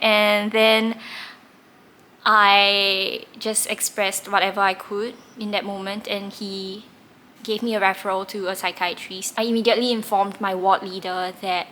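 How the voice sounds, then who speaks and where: A woman's voice: mid-range voice, level tone, normal speed, bright, forceful tone, slight background noise. A woman, candidly telling a personal story in a reflective way, with occasional laughs. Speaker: tarot reader recounting her past.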